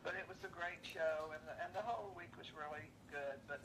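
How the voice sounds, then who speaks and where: A woman's voice: low-pitched, quick pace, noisy background. An older woman, a guest in an interview, telling personal stories with a wry, dry touch. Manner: wry, dry storyteller who builds to punchlines. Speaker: guest sharing personal memories. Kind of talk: casual storytelling interview.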